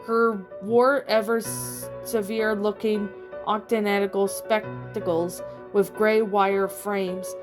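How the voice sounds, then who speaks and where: A woman narrating a fan story aloud in a steady descriptive reading. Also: mid-range voice, takes it slowly. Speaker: audiobook narrator. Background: soft background music.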